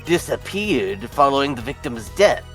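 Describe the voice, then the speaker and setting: A player reading aloud as a formal courtroom judge from a video game, in a measured delivery. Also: mid-range voice, sing-song, fairly bright tone, faint music behind.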